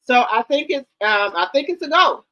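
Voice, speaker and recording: Blunt, high-voiced woman streamer. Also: animated, normal speed, bright, forceful tone, dull audio. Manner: blunt, emphatic, repeats herself. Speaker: livestream host. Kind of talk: casual chat to viewers.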